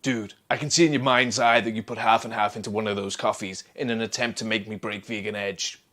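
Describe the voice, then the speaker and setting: Male actor as a haughty young vegan, low drawl, quick and self-satisfied. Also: steady tone, fairly bright tone, natural voice. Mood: smug. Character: smug young man with strict vegan powers. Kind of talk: live-action film dialogue.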